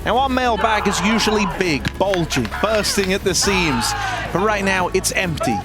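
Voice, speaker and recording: A man's voice: high voice, lively intonation, moderate pace, over loud music. A man casting live esports matches, playful and joking with his co-casters.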